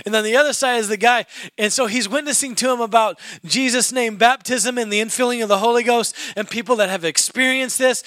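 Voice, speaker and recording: A man with a high voice preaches from a church pulpit, telling his stories with lively acted-out scenes. He turns to the congregation with questions as he goes. The sound is close and dry. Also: no echo. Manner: animated storyteller who asks the congregation questions and acts out scenes. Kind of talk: storytelling sermon.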